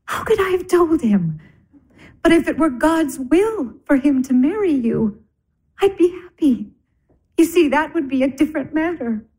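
An actress playing a gentle, sensible older sister who comforts tenderly. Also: female voice, high-pitched, expressive, normal speed. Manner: soothing, tender. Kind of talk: stage drama acting.

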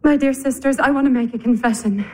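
An actress playing a passionate, blunt sister who speaks in an urgent, confessional way. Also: female voice, sits high, fast, mellow. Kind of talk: stage drama acting.

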